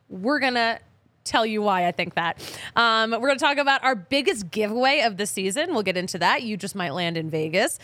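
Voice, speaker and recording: A woman hosts a sports podcast in a chatty, joking way, with a casual swear here and there. Her voice is bright and a little higher than most. The studio sound is dry, with no room echo. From Philadelphia. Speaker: podcast host.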